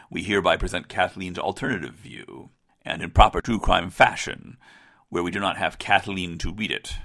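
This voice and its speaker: A man's voice: sits low, creaky, a bit bright. A man hosting a podcast, narrating a script in a playful, mock-dramatic way with theatrical whispered asides. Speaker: podcast host.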